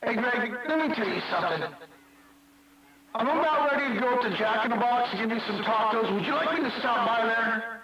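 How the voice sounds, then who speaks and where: A man's voice: extremely high pitch, fairly quick. A man mocking and taunting another operator in CB radio banter, repeating his jabs. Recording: far-off echoey noisy CB radio.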